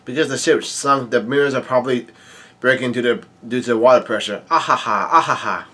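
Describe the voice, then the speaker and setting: A man's voice: mid-range voice, steady tone, fairly quick, lightly acted. A man voicing a gloating male pirate underling who ends with a mocking laugh, read out from a comic.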